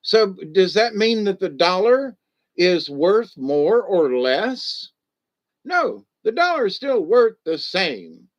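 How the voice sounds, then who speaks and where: A man's voice: high-pitched, sing-song, slow pace, dull audio. A man hosting a casual livestream, rambling in a loose, folksy way and greeting viewers by name. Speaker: livestream host.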